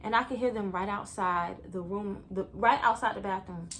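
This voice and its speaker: A young woman vlogger telling a story to her viewers in a chatty, animated way. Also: mid-range voice, normal speed, a little hiss or hum. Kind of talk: story time vlog.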